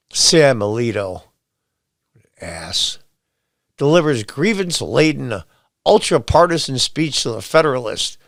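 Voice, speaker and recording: A man's voice: medium pitch, no echo, clean studio sound. A man hosting an opinion commentary show, sarcastic, blunt and exasperated, reading quotes aloud and firing back at them. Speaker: podcast host.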